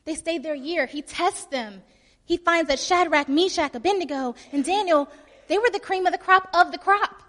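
A woman preacher with a high, bright voice tells the story in a chatty, animated way, dropping slang asides as she goes. A long reverb from a large church hall follows her words. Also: normal speed. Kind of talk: sermon.

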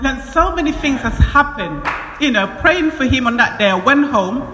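A woman giving a church testimony, telling her story in an animated way, laughing often and acting out conversations. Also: sits high, moderate pace, noisy background. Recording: echoey hall with long reverb.

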